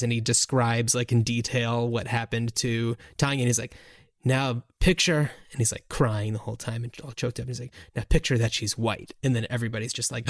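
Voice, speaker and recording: Chatty podcast co-host, dry sound. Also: male voice, medium pitch, dry recording. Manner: animated plot retelling with many "like"s. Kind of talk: casual chat.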